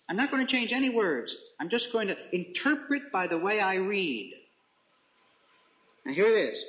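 A man preaching a Bible teaching sermon, reading scripture slowly and deliberately with careful emphasis. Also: high voice, fairly bright tone. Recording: echoey room, dull lo-fi sound.

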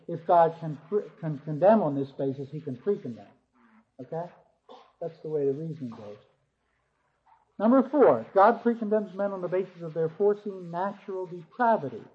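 A man with a fairly high voice lectures a class on theology, alternating scripture readings with step-by-step explanation. He lifts his voice to stress key words. The recording is muffled and lo-fi. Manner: reads scripture aloud, then explains point by point. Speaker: theology teacher.

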